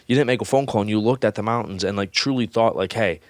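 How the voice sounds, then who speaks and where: A man's voice: on the low side, quick pace, dry recording. A young man talking bluntly in a casual podcast chat, swearing a lot and often restarting his words. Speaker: guest, employee.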